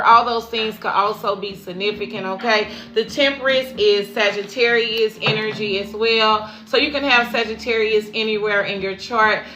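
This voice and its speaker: A woman with a bright, forceful voice gives a live tarot reading in a chatty, affirming way. She keeps repeating upbeat affirmations to her viewers. Her voice rings in an echoey room, with faint music behind it. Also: on the high side. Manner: repeats affirmations and calls listeners "y'all" and "baby". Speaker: intuitive tarot reader.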